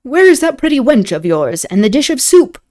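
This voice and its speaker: A woman's voice: sits high, sing-song, normal speed, a little mellow, voice pushed up. A woman voicing a jovial, hungry English lord in a hearty, exclamatory manner while reading a novel aloud. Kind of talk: read-aloud character voice.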